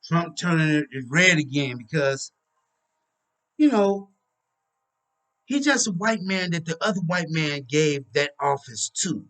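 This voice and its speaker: A man talks to his own camera in a loose, drifting monologue. His voice sits a little high, and he sounds tired and keeps yawning. He circles back to the same phrases and drops in murmured asides. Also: lively intonation, measured pace, long pauses, fairly bright tone. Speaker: vlogger. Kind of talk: casual rambling monologue to camera.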